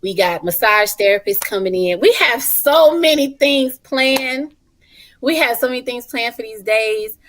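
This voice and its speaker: Animated, expressive woman guest. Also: a little high, unhurried. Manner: animated, expressive storyteller, colloquial. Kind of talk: casual talk-show chat.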